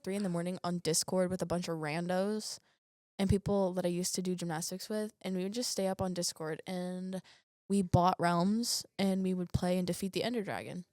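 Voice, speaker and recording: A teenage girl joins a casual chat as a guest, loud and playful and quick to laugh. Her voice sits at a middle pitch. The recording is dry and close. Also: no room sound. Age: teens.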